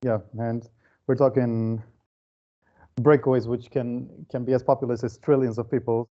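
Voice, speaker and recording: Host: a man of middle pitch who asks halting, filler-laden questions, heard through muffled lo-fi audio. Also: little pitch movement. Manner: hesitant, filler-heavy questioning. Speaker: interview host. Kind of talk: casual interview questions.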